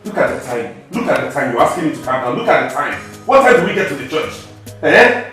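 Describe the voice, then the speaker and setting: An actor playing a frustrated Nigerian groom who complains in exasperation. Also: male voice, mid-range voice, very animated, fast talker, bright, forceful tone, faint music behind. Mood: exasperated. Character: frustrated groom on his wedding day. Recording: echoey room.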